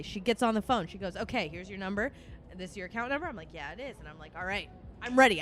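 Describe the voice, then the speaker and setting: Animated young woman telling a story. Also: fairly high pitch, slight background noise. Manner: animated, swearing, acts out quotes. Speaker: podcast host. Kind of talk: casual storytelling chat.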